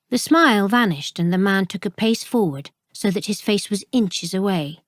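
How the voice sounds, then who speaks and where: A woman reading a mystery audiobook aloud, measured and even in her storytelling. The sound is dry and close, with no room echo. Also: mid-range voice. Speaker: audiobook narrator. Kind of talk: scripted narration.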